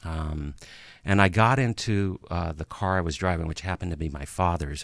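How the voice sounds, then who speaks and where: Deep gravelly middle-aged man. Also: lively intonation, dry recording, studio quality. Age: about 50. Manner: halting, with frequent pauses and restarts. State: emotional. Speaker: interview guest. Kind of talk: personal testimony in an interview.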